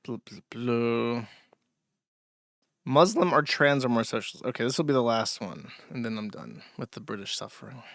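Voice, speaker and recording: A man's voice: mid-range voice, expressive, fast, vocal fry, few pauses, fairly bright tone, no echo, clean studio sound. A man giving casual, sarcastic reaction commentary as a streamer. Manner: sarcastic, mocking asides.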